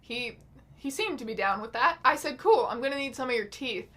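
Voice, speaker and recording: A woman hosting her own channel, reading out chat messages in a casual, wry, deadpan way with some swearing. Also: sits high, a little fast. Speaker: YouTube host.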